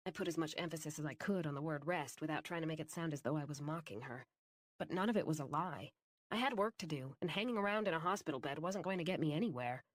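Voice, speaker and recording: A woman narrating a fantasy audiobook in first person, with a wry, brisk storytelling manner. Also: deep voice.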